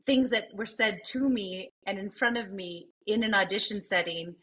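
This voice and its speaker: A woman's voice: mid-range voice, normal speed, sharp tone, a little hiss or hum, poor audio. A woman and actor co-hosting a podcast, talking in an emphatic, reactive way. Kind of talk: casual chat.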